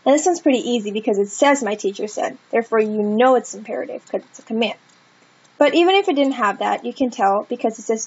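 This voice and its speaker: A woman's voice: on the high side, muffled recording. A woman giving a casual grammar lesson, talking it through in a chatty way and acting out example sentences. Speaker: student tutor.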